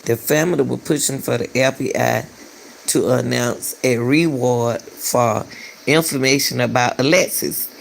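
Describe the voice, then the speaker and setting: Middle-aged woman commentator with a gravelly voice and an unhurried, emphatic delivery full of rhetorical questions. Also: very deep voice, a little hiss or hum. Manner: emphatic, repeats phrases, fires rhetorical questions. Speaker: commentary channel host. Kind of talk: casual commentary on a missing-person case.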